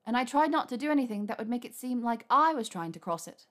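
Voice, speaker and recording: A woman's voice: on the high side, lively intonation, pitched above the performer's own voice, close to an everyday voice. Woman voicing a flustered, earnest young witch. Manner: rushed, nervous and earnest.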